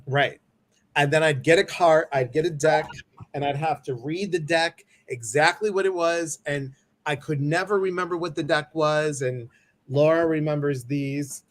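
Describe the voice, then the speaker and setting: A man hosting a casual chat, telling stories in an animated way and acting out the people in them. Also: a little high, moderate pace. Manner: animated storytelling, acts out voices. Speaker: host.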